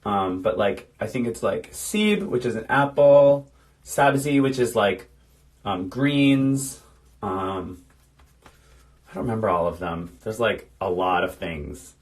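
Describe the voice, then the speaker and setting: A man in his thirties, a drag performer, chats casually on a phone livestream while doing his makeup and reading out viewer comments. His voice sits on the low side, and he speaks slowly and expressively.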